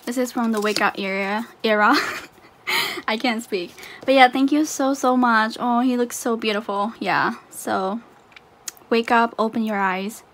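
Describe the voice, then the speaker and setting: A woman's voice: on the high side, steady tone, measured pace, a bit bright. A woman talking casually while unboxing a haul for her channel, gushing with exclamations and fillers. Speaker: YouTuber unboxing a photocard haul.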